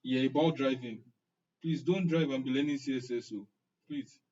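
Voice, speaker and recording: Answering his audience's comments by name, a young Nigerian man teaching online keeps things casual and jokey. He has a slightly mellow, mid-range voice at a normal speed, heard through muffled, distant live-stream audio.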